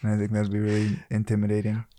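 A man's voice: on the low side, monotone, fast, dark tone, no room sound. A man co-hosting a casual podcast, teasing his guest and plugging the show eagerly. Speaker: podcast co-host. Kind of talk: casual chat.

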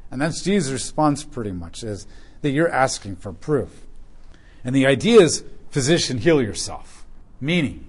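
A man preaching through a Bible passage, animated as he acts out the voices of the people in the story. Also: medium pitch, breathy edge. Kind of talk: expository Bible teaching.

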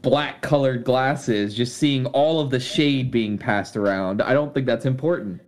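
A man's voice: medium pitch, a little slow. A man co-hosting a casual movie review podcast, teasing and swearing freely. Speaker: podcast co-host.

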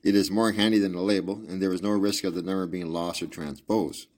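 Sherlock Holmes, read by a low-voiced man. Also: fairly even intonation, a little fast, darkish tone, lightly acted. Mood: explaining. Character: brilliant, precise Victorian male detective. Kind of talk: audiobook reading with asides.

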